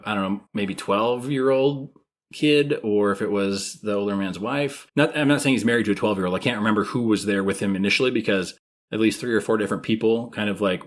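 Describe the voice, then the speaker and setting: A man in his thirties, a podcast co-host, telling a story in casual chat and acting out the quoted voices. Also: lowish voice.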